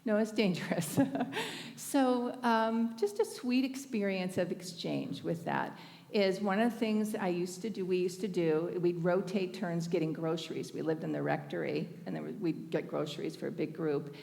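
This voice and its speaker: Woman speaker, sermon by anecdote, chatty with frequent laughs, fry in the voice. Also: lowish voice, moderate pace, in a large hall. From Northern California. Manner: conversational, laughs often, warm anecdotes. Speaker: speaker at a spiritual thanksgiving service. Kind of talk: storytelling sermon.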